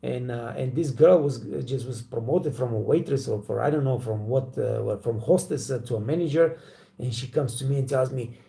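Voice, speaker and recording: Gravelly blunt man. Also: mid-range voice, normal speed, mellow. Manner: blunt, profane, storytelling with acted quotes. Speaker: waiter trainer and channel host. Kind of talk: casual motivational talk to camera.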